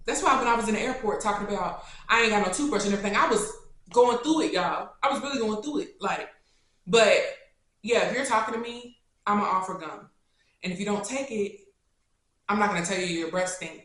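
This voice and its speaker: A young adult woman vlogger answering questions in a casual, chatty, animated way. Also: mid-range voice. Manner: chatty and animated, turning tender and choked up. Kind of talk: casual Q&A chat to camera. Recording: echoey room.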